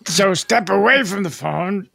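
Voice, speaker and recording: A man voicing a dim-witted male customer who shouts and cannot follow instructions. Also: high-pitched, gravelly, husky, dry recording, full character voice. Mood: insistent. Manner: shouty, laughing, slow and dense. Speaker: confused customer.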